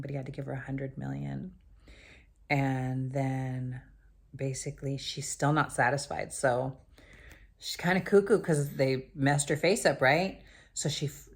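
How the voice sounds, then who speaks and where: A woman chatting casually as she recaps a TV episode, rambling and often trailing off into quiet mumbled asides. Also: a bass voice, slightly rough. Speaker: TV recap vlogger.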